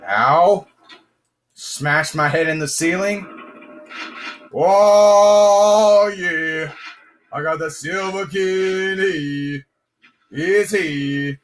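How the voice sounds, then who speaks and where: A man commenting casually on his own gameplay, frustrated, with sudden excited outbursts and shouts. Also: high-pitched, extremely slow, long pauses, soft background music. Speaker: gamer.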